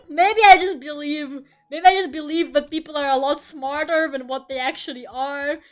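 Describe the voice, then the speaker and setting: A woman's voice: high voice, normal speed, soft background music. A young woman from Russia chatting casually during an art stream, swearing freely, laughing often and rambling. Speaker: VTuber streamer.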